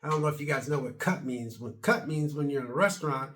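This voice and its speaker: A man's voice: on the high side, fast, fairly bright tone. A man in his late fifties or sixties talking casually to camera in a vlog, rambling and chatty, with casual double negatives. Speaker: video blogger.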